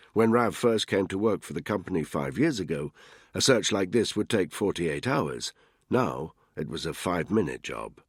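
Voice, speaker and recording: A man with a deep, husky voice narrates a thriller audiobook in a steady, even storytelling manner. The sound is close and dry, as from a booth. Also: no room sound.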